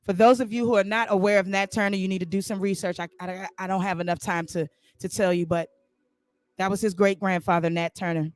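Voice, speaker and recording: A man's voice: high-pitched, fairly even intonation, fairly quick, clean tone, no room sound. A man hosting a podcast, telling a comic improvised story with loose, rambling asides to listeners. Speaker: podcast host.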